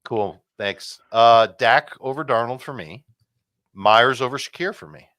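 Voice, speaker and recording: A man on a sports panel jokes and teases while he gives his picks. His voice sits at a middle pitch, and the sound is dry and close. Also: a little slow, a bit bright, no room sound. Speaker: fantasy analyst. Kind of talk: casual panel chat.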